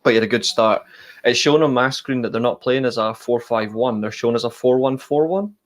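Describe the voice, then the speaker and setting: A man's voice: medium pitch, a little fast. A man, co-hosting a football watchalong and talking casually, rambling through his opinionated analysis with restarts. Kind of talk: casual live-stream chat.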